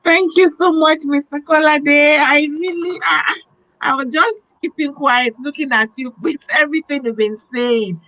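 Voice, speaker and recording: High-voiced woman hosting a chat. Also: a little slow, sharp tone, poor audio. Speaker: host. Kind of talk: casual interview chat.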